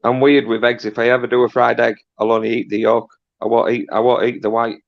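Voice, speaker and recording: A man with a Yorkshire accent in a casual banter chat, easygoing and quick to laugh. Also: mid-range voice, flat delivery, vocal fry. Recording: dull lo-fi audio.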